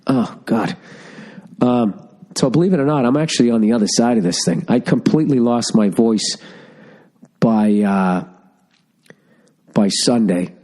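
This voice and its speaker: A man's voice: mid-range voice, a little slow, pauses often. A middle-aged man from Massachusetts, stuffy and congested from a cold, ranting profanely and telling stories on his solo podcast. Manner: profane, ranting, storytelling, animated asides. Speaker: podcast host. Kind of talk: casual solo podcast rant. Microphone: studio podcast mic.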